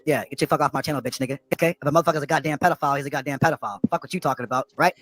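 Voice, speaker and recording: Fast, high-voiced ranting man. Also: fairly bright tone, no room sound. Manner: profane, rapid and repetitive. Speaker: streamer. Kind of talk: ranting commentary.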